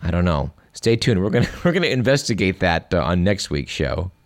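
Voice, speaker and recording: A man's voice: sits low, sing-song, fairly quick, no echo, studio quality. A man hosting a radio show, chatting wryly and reading listener emails aloud. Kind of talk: casual radio commentary.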